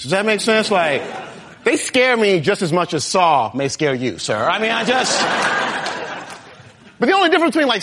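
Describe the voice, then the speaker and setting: A man doing a stand-up comedy set on stage, talking straight to the audience in a lively, animated way. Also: high voice. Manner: animated, talks straight to the crowd. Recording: live show with crowd noise.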